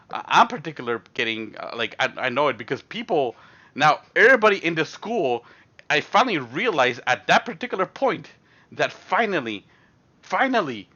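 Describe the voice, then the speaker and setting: A young man from Canada telling a high school story casually, with lots of fillers and restarts. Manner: rambling, animated, heavy fillers. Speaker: streamer. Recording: dull lo-fi stream mic.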